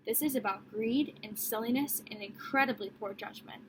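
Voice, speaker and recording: A woman's voice: a little high, normal speed, a little hiss or hum, close to an everyday voice, rough recording. A woman voicing a stern, cold middle-aged male prison warden who barks and roars at children. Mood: stern scolding.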